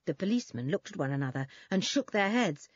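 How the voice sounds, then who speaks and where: A woman narrating a children's book in an expressive storytelling manner, husky in tone. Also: lowish voice, fast, no echo. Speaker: audiobook narrator. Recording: dull, dry recording.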